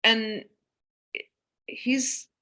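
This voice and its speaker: A woman's voice: a little high, flat delivery, drawn-out words, sharp tone. A woman in her forties, a guest author in a casual podcast conversation, telling candid family stories and acting out the quoted lines. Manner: candid storyteller, acts out quoted dialogue.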